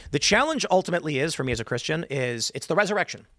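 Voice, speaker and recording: A man's voice: fairly high pitch, big pitch swings, very fast, a bit bright, no room sound, studio quality. A man hosting a live show, chatting casually and rambling, reading viewer comments aloud and slipping into mock voices for asides. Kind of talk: casual livestream chat.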